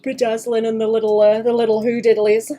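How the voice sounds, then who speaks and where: This streaming artist's voice is on the high side, mellow, a little fast, and completely flat in delivery, with soft music playing behind. As she draws live, she chats casually with viewers, mutters to herself, laughs often, and swears freely.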